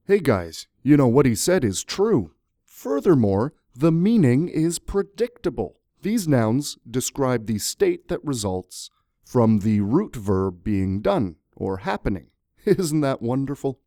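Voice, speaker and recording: Male English teacher, playful and animated, slow and mellow. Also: medium pitch, dry recording, clean studio sound. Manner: jokey, animated, talks to viewers. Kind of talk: playful scripted grammar lesson.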